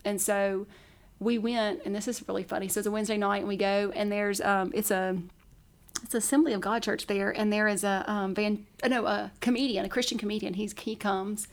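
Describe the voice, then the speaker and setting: A woman's voice: medium pitch, steady tone, fairly quick. A woman telling a personal story in casual conversation, chatty and laughing often. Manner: chatty, laughs often, acts out her own past words. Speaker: podcast guest.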